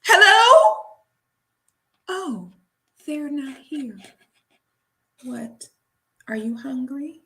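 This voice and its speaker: A woman voicing a sing-song film character who calls out through an empty house in a high, mock-sweet tone. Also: sing-song, extremely slow, pauses often, sharp tone, full character voice.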